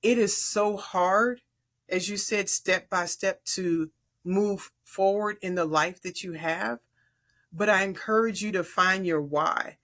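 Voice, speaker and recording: A woman's voice: mid-range voice, steady tone, slow, fairly bright tone. Earnest, encouraging middle-aged woman. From Chicago, USA. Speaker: podcast guest. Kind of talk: earnest advice in conversation.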